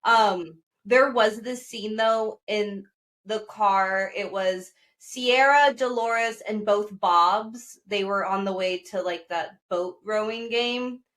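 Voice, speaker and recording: A woman's voice: medium pitch, takes it slowly. A woman co-hosting a pop culture podcast, gossiping in a casual chat and acting out what people said. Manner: animated gossiping, acts out quotes. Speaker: podcast co-host.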